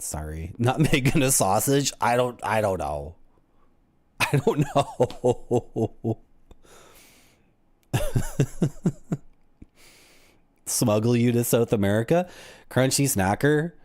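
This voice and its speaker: A man rambling to his viewers on a game stream, jokey and prone to silly voices. His pitch swings a lot as he talks, and the recording is close and dry with no room sound. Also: a little mellow, dry recording. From Canada. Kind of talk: casual livestream chat.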